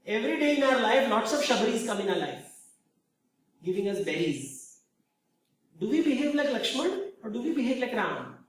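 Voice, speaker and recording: A man with an Indian English accent giving an animated storytelling lecture, full of rhetorical questions, in a large hall. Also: very high voice, normal speed. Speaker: speaker. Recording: very echoey hall, far from mic.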